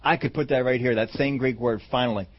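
A man's voice: medium pitch, fairly even intonation, fast. A man preaching a sermon with emphasis, acting out the voices of doubters. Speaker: pastor. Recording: dull lo-fi sermon audio.

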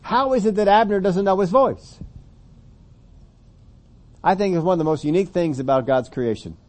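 A man's voice: high-pitched, moderate pace, a little mellow. A man preaching a conversational sermon, reading scripture aloud and rising to emphatic questions.

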